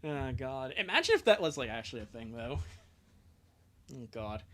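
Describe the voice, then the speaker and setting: A woman's voice: extremely low pitch, very animated, moderate pace, pauses often, a little hiss or hum. Giggly young woman riffing on a reading. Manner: giggly, blunt, swears freely. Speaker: channel host reading a fan comic. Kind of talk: casual reading commentary.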